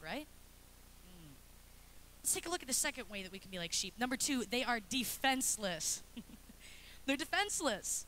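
A high, bright woman's voice delivers a playful, chatty sermon in a church, breaking into little acted scenes as she goes. She sounds like she's in her thirties, and a faint hiss sits under the recording. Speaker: pastor's wife preaching. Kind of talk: lively sermon. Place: church sanctuary.

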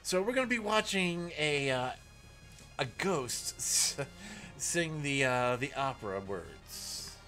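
A man talks over his game in an excitable, laughing commentary, reading lines aloud as he goes. His voice sits a little high and swings widely in pitch, while he drawls along very slowly. Faint game music plays underneath. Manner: excitable, laughs often, reads dialogue aloud. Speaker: gaming let's player. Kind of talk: let's play commentary.

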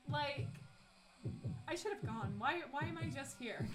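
A woman's voice: high voice, lively intonation, unhurried, very noisy. A woman streaming a horror game live from her desk mic, chatty and giggly, talking to the characters on screen. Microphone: desk microphone.

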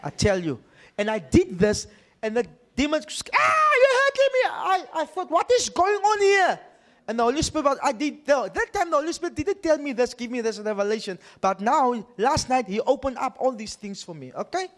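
A man's voice: very high voice, animated, brisk. A male pastor preaching animatedly, repeating phrases and checking in with his congregation. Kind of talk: sermon.

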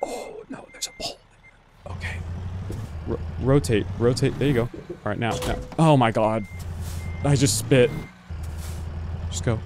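A man's voice: medium pitch, measured pace, pauses often, background noise. A young man giving casual gameplay commentary, talking to the other drivers and swearing now and then. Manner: animated, talks to other drivers, frequent exclamations and swearing. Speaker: gaming video host.

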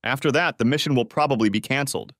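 A man's voice: mid-range voice, fast talker, a bit bright, no echo, studio quality. A man voicing a stern male ship captain who gives clipped orders in an audiobook. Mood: commanding.

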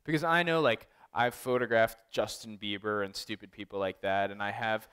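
A man giving a casual artist talk, telling animated, profane, wry stories to an audience, full of fillers. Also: medium pitch, normal speed, hardly any pauses, a little hiss or hum. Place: art gallery talk.

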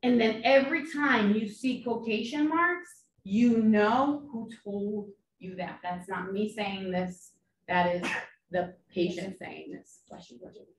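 A middle-aged woman trial attorney teaching a seminar to nurses, animated and full of rhetorical questions. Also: mid-range voice, slight background noise. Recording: echoey room, distant mic, faint ambience.

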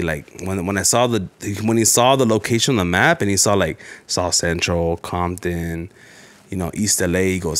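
A man's voice: deep voice, fairly even intonation, normal speed, a bit bright. A man, co-hosting a podcast as a casual chat, blunt and profane, telling stories. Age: late 20s to 30s. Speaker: podcast co-host.

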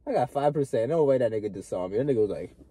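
A young man vlogging an unscripted, profane rant to camera, swinging between loud outbursts and low mutters. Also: lively intonation, very fast, slightly rough, dry recording.

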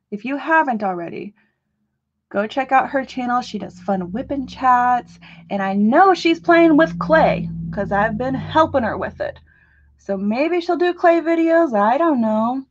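A woman hosting a live crafting talk show, chatting casually and goofing around with her viewers. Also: fairly high pitch. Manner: chatty, goofy, rambling, jokes with chat. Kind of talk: casual live-stream chat. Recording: dull lo-fi stream audio.

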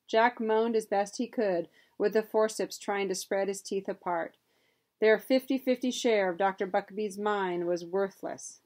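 A woman narrating a children's adventure novel in a steady, expressive reading style. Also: medium pitch, unhurried. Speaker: audiobook narrator. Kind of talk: storybook narration.

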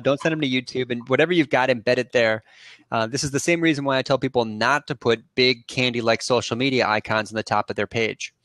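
A man's voice: mid-range voice, fairly bright tone, dry recording. Confident man explaining on a dry webcam. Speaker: guest expert. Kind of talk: explanatory interview talk. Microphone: video call.

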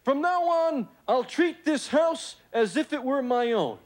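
A man's voice: very high voice, expressive, unhurried. A man voicing a sarcastic, wisecracking furry male alien in a 1980s sitcom. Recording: hissy old TV tape with laugh track.

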